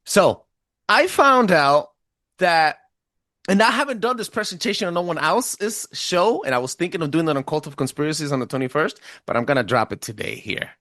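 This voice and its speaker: Here a podcast host giving a presentation speaks at a moderate pace in a slightly high voice, bright and forceful, with lively intonation. He says he has a thick accent and lays out his ideas casually and emphatically, often stumbling and restarting. Dry, studio-quality recording.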